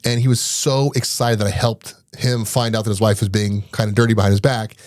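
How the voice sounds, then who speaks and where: A middle-aged man, a guest on a podcast, telling lively anecdotes in a casual interview and often laughing between them. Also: on the low side, dry recording, studio quality. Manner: rapid, animated anecdotes broken up by laughter. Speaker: podcast guest, IT business owner.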